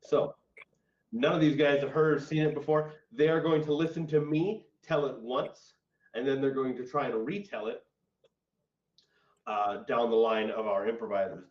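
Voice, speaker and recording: A man hosting an improv game online and telling a story in a relaxed, rambling way over a video call. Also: medium pitch, normal speed. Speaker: improv host. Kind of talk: casual storytelling. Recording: dull echoey audio from far off.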